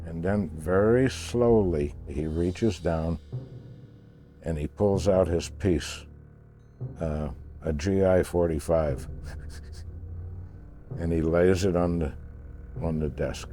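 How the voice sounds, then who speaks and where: An older man telling a story casually, halting now and then and repeating words as he searches for them. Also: low-pitched, dark tone, faint music behind. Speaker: interviewee recounting a past voyage.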